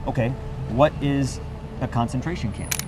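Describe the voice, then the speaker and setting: A man's voice: medium pitch, normal speed, music in the background. A middle-aged man, a military veteran, speaks earnestly in an interview, repeating phrases as he explains. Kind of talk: sit-down interview.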